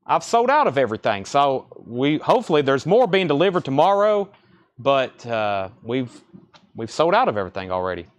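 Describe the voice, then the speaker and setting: A man hosting a live record sale, chatting informally and rattling off buyer names, album titles and prices in quick succession. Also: medium pitch, big pitch swings. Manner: chatty and informal between listings. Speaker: record store host running a live sale. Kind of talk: live-stream sales patter.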